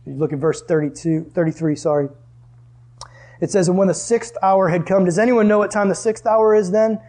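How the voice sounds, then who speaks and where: A man preaching a sermon in a conversational way, asking the room questions and dropping to hushed tones for emphasis. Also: high voice, steady tone, brisk.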